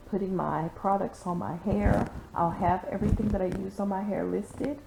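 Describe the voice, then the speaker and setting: A woman's voice: medium pitch, steady tone, a little slow, gravelly, few pauses, warm tone, a little hiss or hum. A woman vlogging her routine in a sassy, chatty way, calling viewers honey and y'all. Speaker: beauty vlogger. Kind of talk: casual chatty vlog.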